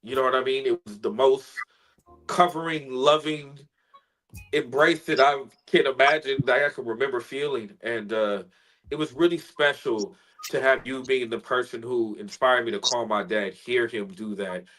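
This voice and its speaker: A male spoken word poet tells a deeply personal story over a video call. He speaks in an earnest, emotional and measured way, at a middle pitch, and his story builds in vulnerable detail. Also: a bit bright, low-quality recording.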